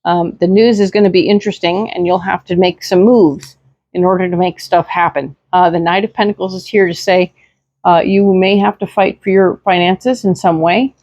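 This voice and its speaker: A woman's voice: lowish voice, fairly even intonation, moderate pace, a little mellow, no echo, lo-fi sound. A woman giving a casual tarot reading in a chatty, reassuring way, with many fillers and tag questions, speaking into a desk microphone. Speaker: tarot reader.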